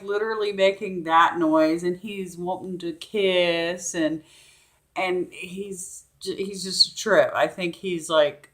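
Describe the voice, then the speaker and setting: A woman's voice: medium pitch, a bit bright. Chatty woman rambling in an echoey room. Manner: rambling, chatty, lots of fillers. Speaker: vlogger. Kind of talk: casual storytelling to camera.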